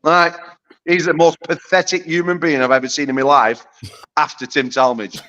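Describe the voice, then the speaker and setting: A British man hurls crude, mocking insults at a rival, laughing and stumbling over his own restarts. His voice sits high, and the audio comes through dull and lo-fi. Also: a little fast, pushed and bright. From United Kingdom. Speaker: guest arm wrestler. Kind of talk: profane trash talk on a call-in show.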